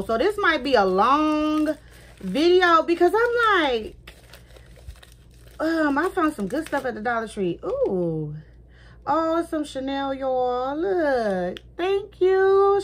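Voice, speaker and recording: A middle-aged woman, chatting effusively in a casual haul video and thanking her viewers. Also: high-pitched. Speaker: vlogger.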